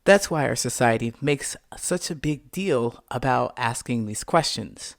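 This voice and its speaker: A man's voice: mid-range voice, unhurried, vocal fry, few pauses, no room sound, clean studio sound. A man hosting a podcast, telling a personal story in a monologue and acting out the scenes. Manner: animated, reenacts scenes with voiced quotes. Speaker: podcast host.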